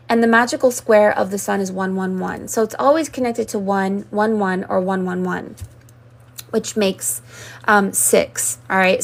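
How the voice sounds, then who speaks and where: A woman's voice: mid-range voice, vocal fry. A woman hosting a live-stream scrying session, talking in a rambling, mystical way that jumps from symbol to symbol. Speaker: spiritual reader.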